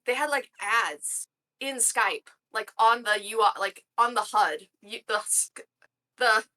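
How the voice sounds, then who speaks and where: Bright-voiced, crude-talking woman. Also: slow pace. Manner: loud, crude, lots of swearing and filler; high-pitched snorting laugh. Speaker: game systems designer, guest. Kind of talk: casual storytelling chat.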